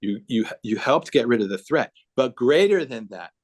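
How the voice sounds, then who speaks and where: A man's voice: mid-range voice, lively intonation, moderate pace. A man speaking earnestly on a video call, telling a story with emphasis and acting out the dialogue. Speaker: guest speaker.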